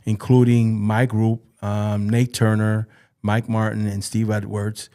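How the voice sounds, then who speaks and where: With a low, dark, smooth voice, this man speaks at a measured pace and delivers his words flatly. He is a youth football coach and podcast guest sharing emotional personal stories. He often halts, repeats, and restarts his phrases.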